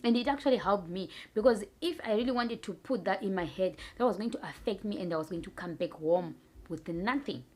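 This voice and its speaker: Woman vlogger, from Zimbabwe, frank personal storytelling, mid-pitched voice. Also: fairly quick, warm tone. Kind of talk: casual talk to camera.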